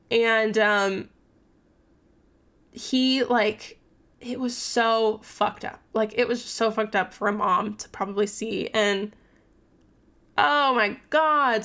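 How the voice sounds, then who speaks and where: Chatty young woman with vocal fry. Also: a little high, a bit bright. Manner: chatty, rambling, profane, many fillers. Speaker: book vlogger. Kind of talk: casual book recap.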